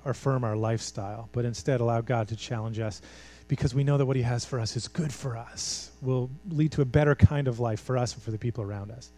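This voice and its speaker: A man's voice: medium pitch, dark tone. A man preaching a sermon in a church, talking conversationally, pressing his points with emphasis and rhetorical questions. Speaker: pastor.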